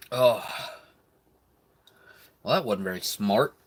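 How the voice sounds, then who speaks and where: A man hosting a relaxed live stream, talking between bites in an easygoing, chuckling way. His voice sits a bit low, and the talk stays casual chat. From United States. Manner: laid-back, chuckles often, talks between bites. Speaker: live stream host reviewing rations.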